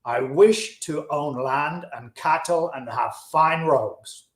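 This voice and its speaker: A man's voice: on the high side, takes it slowly. A man reading the part of an earnest, discontented chariot maker, speaking old-fashioned English with passion. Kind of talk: audiobook-style reading of a classic. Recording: roomy echo.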